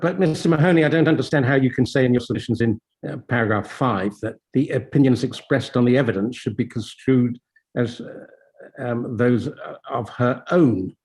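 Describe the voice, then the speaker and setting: A man's voice: mid-range voice, darkish tone. A male appeal judge questioning counsel in court, probing and skeptical, pressing on points with pointed questions.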